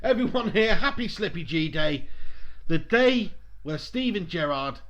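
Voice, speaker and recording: High-voiced excitable football fan commentator. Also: male voice, a little slow, lo-fi sound. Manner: chatty, excitable, swears at big chances. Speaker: fan live-stream commentator. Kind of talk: casual live match commentary.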